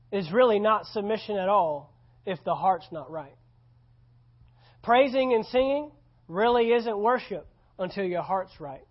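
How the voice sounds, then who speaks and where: A male pastor preaching a sermon at a church service, conversational and emphatic, repeating key phrases. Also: high voice. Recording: slightly dull lo-fi recording.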